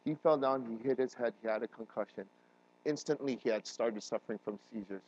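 A man preaching a sermon as a pastor, earnest and emotional, his voice building to loud emphatic peaks. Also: mid-range voice, a little fast, dull audio. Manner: emotional, voice rising and breaking while retelling a crisis.

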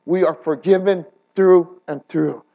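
A man preaching a sermon, swinging between hushed and impassioned and asking the audience rhetorical questions. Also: fairly high pitch, fairly even intonation, unhurried, vocal fry, lo-fi sound.

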